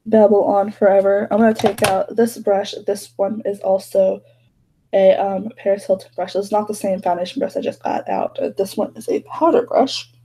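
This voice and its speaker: A woman's voice: mid-range voice, dark tone, slightly rough, low-quality recording. A young woman chatting casually while doing her makeup at home, rambling with lots of fillers. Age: young adult. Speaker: beauty vlogger. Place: bedroom at home.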